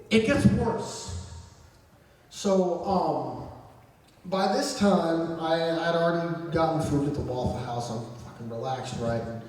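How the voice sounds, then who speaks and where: A man's voice: fairly high pitch, a little slow. A young man telling a profane, comedic story at a convention panel, swearing constantly and putting on voices for his friends. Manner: heavy swearing, animated voices for quoted friends. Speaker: audience storyteller. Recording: echoey hall, distant mic.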